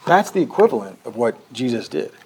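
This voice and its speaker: A man's voice: mid-range voice, sing-song, a little fast, darkish tone, slight background noise, low-quality recording. Earnest male pastor preaching. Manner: earnest, questioning, with frequent restarts. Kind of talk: conversational sermon.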